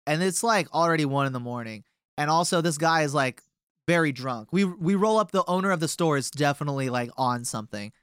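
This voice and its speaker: A man's voice: fairly high pitch, animated, a little fast, a bit bright, clear, resonant tone, dry recording, clean studio sound. A young man from a touring band telling a long tour story in a casual, rambling way with many fillers.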